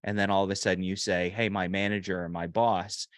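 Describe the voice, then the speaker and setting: A man coaching a sales agent one on one, relaxed and rambling with frequent ums and restarts. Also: low voice, a little fast, no echo, clean studio sound.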